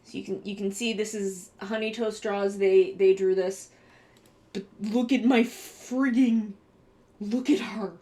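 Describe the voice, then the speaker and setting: Excitable young woman streamer, slow talk. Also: medium pitch. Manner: excitable, swearing, bursts of gushing. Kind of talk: casual live-stream chat.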